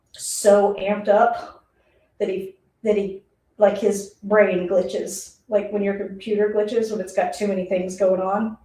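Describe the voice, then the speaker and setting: A woman's voice: mid-range voice, mellow. A woman streaming a casual live football reaction, chatty and rambling, who laughs often. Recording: roomy, distant mic.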